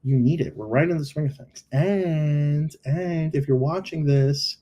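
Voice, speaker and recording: A middle-aged man with a fairly high, warm voice and a breathy edge hosts live product listing reviews at a moderate pace. Sharing his screen, he jokes playfully and thinks aloud while editing images.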